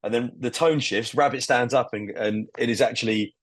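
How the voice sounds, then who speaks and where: A man's voice: medium pitch, moderate pace, dry recording. A man co-hosting a podcast, enthusiastically recounting a comedy show and swearing freely. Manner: enthusiastic, swearing, acting out scenes. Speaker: podcast co-host. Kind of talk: casual podcast chat.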